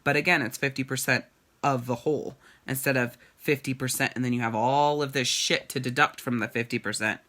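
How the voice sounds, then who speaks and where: Bright-voiced, gushing woman talking candidly. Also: very deep voice, fairly even intonation, a little fast. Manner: candid, gushing, swears casually. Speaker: boutique owner and sales consultant. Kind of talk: casual live video talk to followers.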